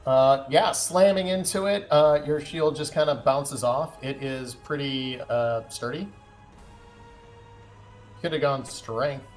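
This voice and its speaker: A man narrating as dungeon master in a casual, relaxed way, with frequent fillers. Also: mid-range voice, slow, soft background music. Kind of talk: narrating a tabletop game on a live stream.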